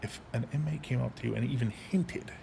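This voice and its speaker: A man in his thirties telling his own story in a casual monologue, angry and profane, halting with frequent restarts. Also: mid-range voice, gravelly, dark tone. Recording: faint background noise.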